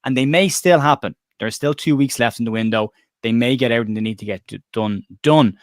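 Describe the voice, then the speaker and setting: A man hosting a casual football podcast, talking in animated, questioning runs of opinion. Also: mid-range voice, a little fast, no echo. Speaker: podcast host.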